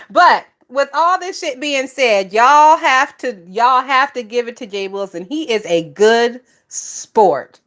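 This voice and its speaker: A woman's voice: fairly high pitch, moderate pace, hardly any pauses. A woman hosting a casual gossip livestream, reading viewer comments and laughing often. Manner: laughs often, loud and amused.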